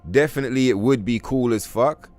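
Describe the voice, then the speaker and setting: A man streaming a game and chatting casually, rambling and animated, swearing freely and using slang. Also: medium pitch, brisk. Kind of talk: casual livestream chat while gaming.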